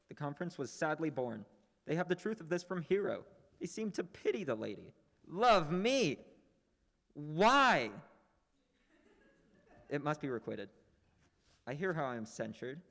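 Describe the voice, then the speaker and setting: A man playing a gravelly proud young nobleman. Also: on the high side, lively intonation, fairly quick. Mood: musing. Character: proud witty young nobleman, musing alone. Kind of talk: stage play performance. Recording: reverberant hall.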